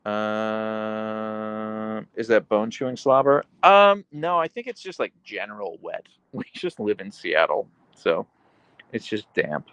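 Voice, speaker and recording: A man's voice: lively intonation, normal speed, fairly bright tone, no echo. Chatty man reading stream chat aloud. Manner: baby talk to his dogs in high pitch. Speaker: live streamer. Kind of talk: casual live stream chat. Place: home in Seattle.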